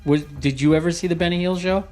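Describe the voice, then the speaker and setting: A man's voice: a little high, fairly even intonation, fast talker, darkish tone, soft background music. A man hosting a podcast, talking casually and enthusiastically, rambling with fillers and laughs. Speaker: podcast host. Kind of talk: casual podcast intro and chat.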